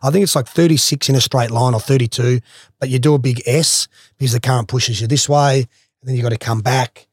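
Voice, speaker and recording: A man tells a story in a relaxed, lively way, with a lot of swearing and quick bursts of laughter. His voice sits at an ordinary pitch. It sounds dry and close to the mic, with no room echo. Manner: animated, swears freely, laughs mid-story. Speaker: guest, former footballer. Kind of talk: casual storytelling.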